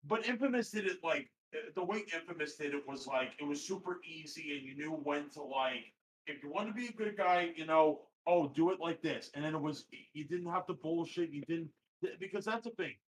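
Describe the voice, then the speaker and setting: A man hosting a gaming channel, chatting excitedly and swearing casually during a live reaction stream. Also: on the high side, brisk, a little hiss or hum. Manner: excitable, profane, reads news aloud.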